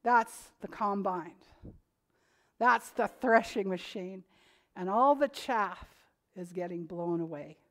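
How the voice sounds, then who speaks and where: A woman's voice: mid-range voice, takes it slowly. A woman preaching a sermon to her congregation, earnest and growing emphatic when she reads scripture aloud. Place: church.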